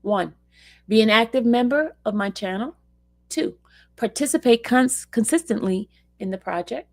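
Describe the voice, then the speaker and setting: A woman hosting a livestream in a casual, chatty way. Her voice sits a touch on the higher side. She speaks expressively and warmly to her audience and to her pet. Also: normal speed. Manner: expressive, talks fondly to her dog and viewers. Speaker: livestream host.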